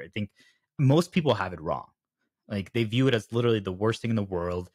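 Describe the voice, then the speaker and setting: A man's voice: lowish voice, no room sound, studio quality. A young man hosting a podcast interview, asking long rambling questions and acting out little quoted exchanges. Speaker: podcast host. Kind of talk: conversational interview.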